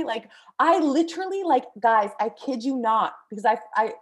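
A young woman vlogger casually recounting a frightening experience, animated and full of fillers, with some swearing. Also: fairly high pitch, normal speed, breathy edge. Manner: breathless, animated, many fillers. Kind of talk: casual storytelling.

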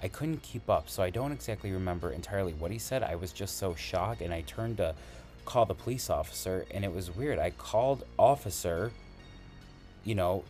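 A man who works as an emergency responder, earnestly retelling a frightening call in halting, conversational storytelling. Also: low-pitched, a little mellow. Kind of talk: spoken storytelling.

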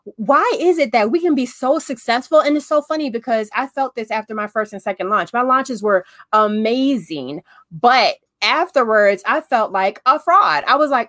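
A woman coaching in a casual, chatty way, often checking in with "okay?" and acting out quotes in animated voices. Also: fairly high pitch, moderate pace, no room sound, clean studio sound. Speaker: business coach. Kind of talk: casual talk to camera.

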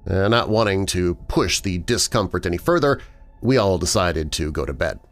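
A man narrating a scripted horror story in a lively, swooping delivery. His voice sits in a middle register and tells the tale dramatically. Faint music plays underneath. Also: low voice, moderate pace. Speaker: podcast host and narrator. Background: faint background music.

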